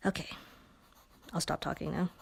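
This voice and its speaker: A woman's voice: sits low, fairly even intonation, normal speed, gravelly, a little hiss or hum. A woman hosting a casual live stream from a pen shop, chatty and giggly, with self-mocking asides as she demonstrates inks. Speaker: live-stream host demoing pens and ink.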